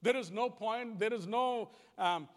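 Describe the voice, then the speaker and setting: Kiwi guy preaching, fairly high voice, earnest and repeats himself, echoey hall sound. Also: unhurried. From New Zealand. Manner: earnest, repetitive, plain-spoken. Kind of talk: conversational sermon. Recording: long hall reverb.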